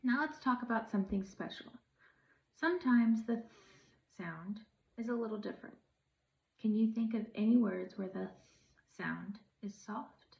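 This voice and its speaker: A woman's voice: on the high side, gravelly. Encouraging young woman teaching young children. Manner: slow, encouraging, speaks to a class of young children. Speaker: pre-service teacher. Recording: echoey room, dull lo-fi sound.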